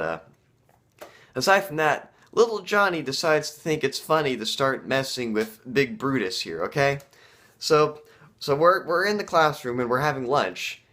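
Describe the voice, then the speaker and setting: A man vlogger telling a casual story to camera, halting and full of fillers. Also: mid-range voice, a bit bright.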